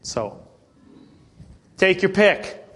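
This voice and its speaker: Throat-clearing man teaching a Bible class. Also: high voice, very animated, fairly bright tone. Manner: frequent throat clearing, checks in with "okay?" and "right?"; slows down to stress key phrases when reading scripture.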